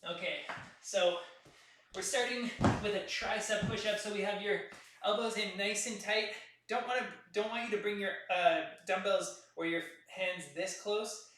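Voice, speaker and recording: A man leading a workout class as fitness instructor, counting reps and giving steady coaching cues, recorded from a distance in an echoey room. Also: high voice, moderate pace, slight background noise.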